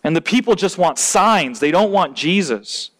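A man's voice: expressive, moderate pace. A man preaching a sermon, emphatic, often repeating words as he restarts. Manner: emphatic, rising in pitch and volume at points.

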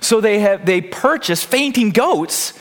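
A male pastor delivers a sermon in an earnest way. His voice sits somewhat high for a man. He keeps turning to the congregation with direct questions. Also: lively intonation, unhurried.

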